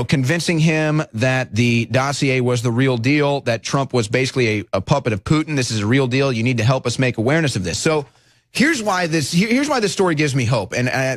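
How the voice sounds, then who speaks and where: A man hosting a talk radio show, delivering a fired-up political monologue that rises to shouts. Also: mid-range voice, no room sound.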